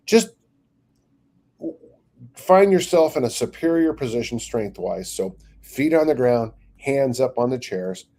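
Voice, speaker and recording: A man's voice: mid-range voice, dark tone. An older man, a strength coach, rambling through stories and acting out little quotes in casual podcast talk. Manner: rambling storyteller, acts out quotes.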